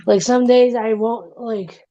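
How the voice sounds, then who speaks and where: A woman's voice: a little high, fairly even intonation, slow, dry recording, highs cut off. A woman with a light Boston accent, co-hosting a stream in rambling casual chat. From Massachusetts. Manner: rambling, lots of likes. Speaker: stream co-host.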